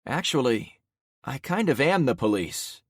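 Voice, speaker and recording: Male narrator as a commanding survivor leader, blunt, animated, dry sound. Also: mid-range voice, unhurried, slightly rough, no room sound, pitched above the performer's own voice, exaggerated voice.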